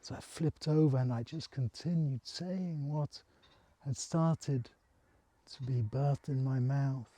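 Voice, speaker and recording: A man recounts a personal spiritual experience in a soft, halting and earnest way. His voice is very mellow and dark, and he takes his time. The sound is close and dry. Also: medium pitch, no echo. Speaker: storyteller.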